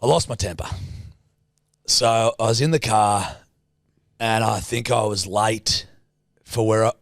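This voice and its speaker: A man's voice: fairly low pitch, a little slow, no room sound, clean studio sound. A man co-hosting a podcast, telling stories in casual banter, swearing and joking a lot. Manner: swearing, jokey, lively storyteller. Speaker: podcast co-host.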